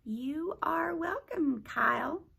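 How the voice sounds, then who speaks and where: A woman voicing a soft, motherly female hologram librarian who speaks in a slow, prim, mechanical way. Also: sits high, animated, creaky, voice pushed up, exaggerated voice. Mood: prim, polite.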